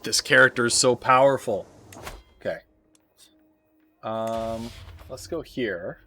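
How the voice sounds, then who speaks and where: A Canadian man talks his way through a strategy game on a live stream, taking his time and stopping often on little fillers as he thinks aloud. His voice has a bright, forward edge, and soft music plays underneath. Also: medium pitch. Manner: rambling, thinking aloud with frequent filler pauses. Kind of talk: casual live game commentary.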